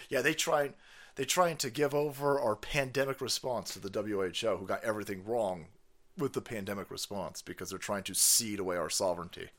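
A middle-aged man hosting a casual livestream, rambling and profane, reading chat and bursting into yells and laughter. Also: fairly low pitch, steady tone, a little fast. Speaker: livestream host.

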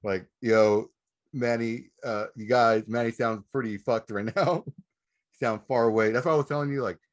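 A man's voice: medium pitch, fairly even intonation, moderate pace, no echo. A man co-hosting a podcast in casual banter, joking and trash-talking with frequent laughs. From Southern California. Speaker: podcast co-host.

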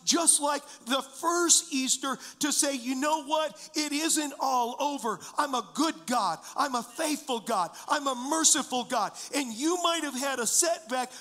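A man's voice: very high voice, fairly bright tone, in a large hall. A male pastor preaching a sermon, emphatic and repetitive, full of rhetorical questions. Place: church.

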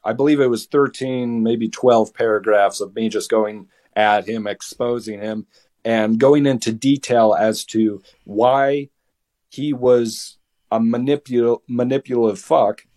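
A young man in his late teens, a podcast guest, tells a story casually in a heated, animated way, restarting his words often. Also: medium pitch, a little slow.

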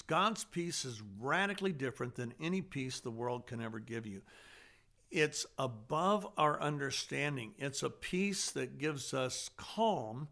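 Gravelly-voiced man preaching earnestly. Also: mid-range voice. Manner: earnest, swings between loud emphasis and hushed softness. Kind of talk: sermon.

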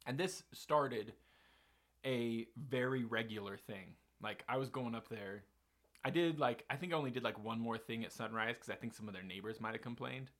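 A man's voice: mid-range voice, normal speed. Rambling man telling a story. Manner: rambling, animated, many fillers and restarts. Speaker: podcast host telling a story. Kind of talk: casual storytelling chat.

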